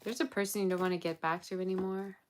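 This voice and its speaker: A woman's voice: mid-range voice, steady tone, fast talker, background noise. A woman giving a casual tarot reading, chatty and blunt with exasperated asides, sounding tired and yawning. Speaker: tarot reader.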